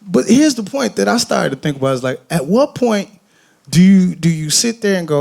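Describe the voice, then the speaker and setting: A man from Detroit talking candidly on a festival stage, telling animated, profane, joking stories and acting out voices. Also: sits high, a little fast, creaky. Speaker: guest musician on stage. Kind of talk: candid onstage conversation. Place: festival main stage before an audience.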